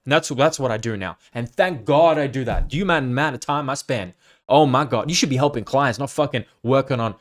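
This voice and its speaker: A man's voice: medium pitch, lively intonation, fairly quick. A man hosting his own podcast as a coach, giving a blunt, profane, emphatic unscripted rant. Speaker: fitness coach and podcast host.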